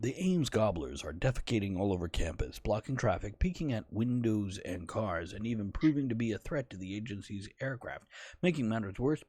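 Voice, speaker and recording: Guy putting on a loud pompous newscaster voice, dry close sound. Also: no echo. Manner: loud booming delivery. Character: male mock newscaster, pompous announcer. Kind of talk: mock news reading.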